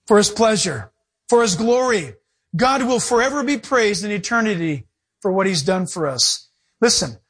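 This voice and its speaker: A male pastor preaching a sermon, animated and acting out little dialogues. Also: sits high, slightly rough.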